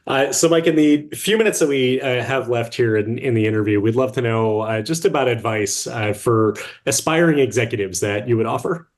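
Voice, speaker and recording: A man's voice: medium pitch, fairly quick, few pauses. A man asking questions as a podcast interviewer, easygoing with small fillers.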